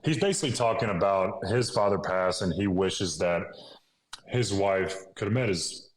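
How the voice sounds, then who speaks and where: Deep-voiced man telling an emotional story. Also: moderate pace. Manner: earnest, animated retelling with whispered asides. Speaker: podcast guest. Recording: echoey room with faint noise.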